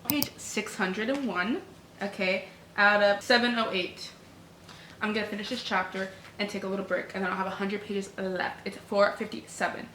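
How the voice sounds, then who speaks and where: A woman's voice: medium pitch, steady tone, normal speed. Young woman, book vlogger at home, overwrought reactions; echoey room, faint background noise. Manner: emotional, exclaiming, swings from hushed to loud. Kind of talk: reading vlog chatter.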